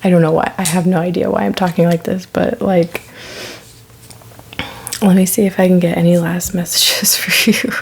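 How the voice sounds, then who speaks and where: A woman's voice: lowish voice, little pitch movement, unhurried, vocal fry, darkish tone, husky. A woman giving a pick-a-card reading in a half-whispered voice, blunt and emphatic, repeating her points over and over. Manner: blunt, repetitive, emphatic reassurance. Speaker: tarot card reader.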